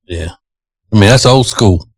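A man chats easily as a morning radio host. He is folksy, tells stories and laughs readily. His low voice sits close to a dry studio microphone. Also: measured pace, slightly rough, no room sound. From Louisiana. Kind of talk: casual radio banter.

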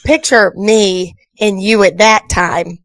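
A woman's voice: mid-range voice, steady tone, slow, a bit bright, no room sound. A woman co-hosting a radio morning show, chatty and playful in casual banter. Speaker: radio co-host. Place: radio studio.

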